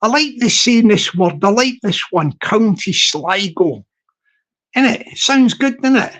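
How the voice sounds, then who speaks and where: Man, fairly high voice, casual rambling chat, playful, stretches out place names. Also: expressive, fairly bright tone. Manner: playful, self-amused, drawn-out place names, frequent laughs. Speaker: YouTube streamer chatting with viewers.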